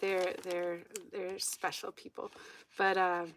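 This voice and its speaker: A woman hosting a homestead live stream, telling a story in casual chat, animated, laughing often and acting out what people said. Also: lowish voice, slow, a little hiss or hum. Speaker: homestead channel host. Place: at home.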